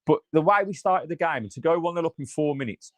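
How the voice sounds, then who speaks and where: A man with a fairly high voice, recorded dry and close, with no room sound. He rants in frustration, swears often and reads out viewer comments as he reacts live after the match. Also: lively intonation, quick pace, no room sound. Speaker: fan channel host.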